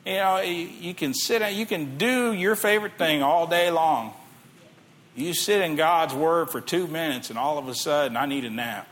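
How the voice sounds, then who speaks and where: Man, middle-aged pastor, sermon, conversational, reads verses aloud, fairly high voice. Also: moderate pace, a bit bright.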